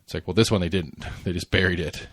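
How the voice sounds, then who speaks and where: A man's voice: sits low, fairly even intonation, quick pace, no echo, clean studio sound. A man co-hosting a casual current-affairs podcast, rambling with lots of fillers and restarts and the odd swear word. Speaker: podcast co-host.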